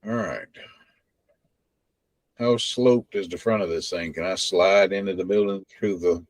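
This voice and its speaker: A man's voice: low voice, unhurried, dry recording. A man playing a tabletop game, casual and asking practical tactical questions. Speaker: player.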